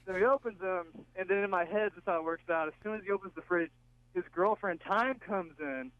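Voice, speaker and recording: A man calls in to a radio show and tells a rambling, jokey story. His voice sits fairly high and comes through a tinny, phone-like line. The sound is dry, with no room around it. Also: fairly quick, clean tone, dry recording. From Texas. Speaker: caller. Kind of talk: casual storytelling.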